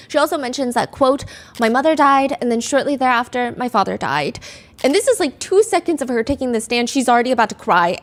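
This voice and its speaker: A young adult woman with a slightly high voice hosts a podcast. She tells a true-crime story in a chatty, conversational way. She reads quoted lines with lively emphasis. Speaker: podcast host.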